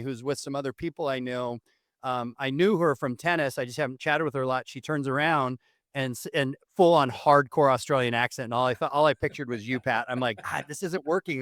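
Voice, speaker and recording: A man co-hosting a podcast in casual chat, animated and teasing, laughing often. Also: medium pitch, no echo, clean studio sound. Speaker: podcast co-host.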